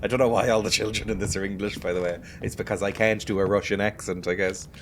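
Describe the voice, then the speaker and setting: A man's voice: fairly low pitch, fairly even intonation, quick pace, slight background noise. A man giving wry, joking commentary as he plays a game, talking to the game and to viewers. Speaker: gaming video host. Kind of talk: casual let's-play commentary.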